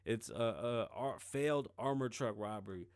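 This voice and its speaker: A man hosting a podcast, talking casually and swearing freely as he tells stories in an animated way. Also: on the low side, moderate pace, clear, resonant tone, dry recording, clean studio sound. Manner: profane, animated storytelling. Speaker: podcast host.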